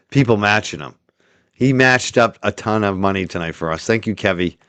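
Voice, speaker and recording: Laughing easily, a livestream host chats casually through his viewers' super chats, thanking them and sometimes tapering off into a quiet murmur. He has a lowish voice, captured in a dry recording.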